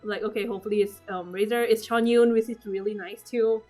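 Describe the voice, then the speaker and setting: A woman recapping her game pulls in casual commentary, excitable and swearing, acting out her own squeals. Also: medium pitch, fast, faint music behind. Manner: trails off with fillers and restarts. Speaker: gaming vlogger. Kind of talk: casual gaming commentary over gameplay.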